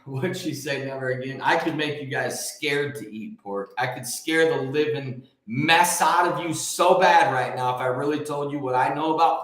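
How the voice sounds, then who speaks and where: Man, casual preacher, joking, rambling, high voice, very echoey room. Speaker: host and preacher. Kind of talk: casual live preaching talk.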